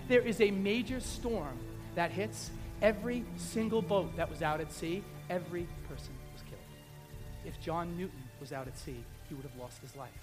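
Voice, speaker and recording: Very high-voiced male preacher over music. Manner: emphatic storytelling preacher, repeats phrases, swings between loud and hushed. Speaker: pastor. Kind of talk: sermon.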